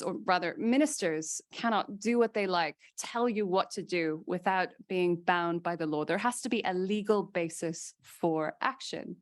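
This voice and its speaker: A woman legal scholar giving a seminar lecture to a small audience in a room. She speaks emphatically and with animation, stacks her points in lists and drops playful asides. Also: mid-range voice.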